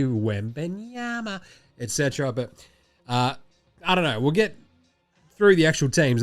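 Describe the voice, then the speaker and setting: Nasal, animated Australian man with a cold. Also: fairly high pitch. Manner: animated, swearing, mocking put-on voices. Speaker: podcast host. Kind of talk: casual sports chat. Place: home studio.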